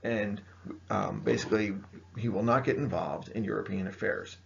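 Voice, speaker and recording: Gravelly man giving a casual history lecture. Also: fairly low pitch, fairly even intonation, moderate pace, lo-fi sound, slight background noise. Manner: casual, frequent "all right?" check-ins and fillers. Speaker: high school history teacher. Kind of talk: classroom lecture.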